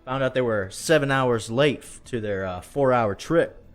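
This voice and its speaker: A man, telling a story in a drawn-out country storytelling voice and often asking "all right?". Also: medium pitch, faint music behind. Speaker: podcast co-host.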